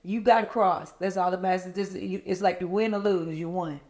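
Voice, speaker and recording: Male interviewer, high voice, short reassuring comments. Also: fairly even intonation, moderate pace, a little mellow. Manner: brief, encouraging interjections. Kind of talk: casual interview chat.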